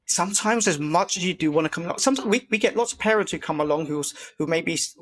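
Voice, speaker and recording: Animated man telling stories. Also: on the high side, quick pace. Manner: animated, acts out voices in his stories. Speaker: podcast guest, disability campaigner. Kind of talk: casual storytelling chat.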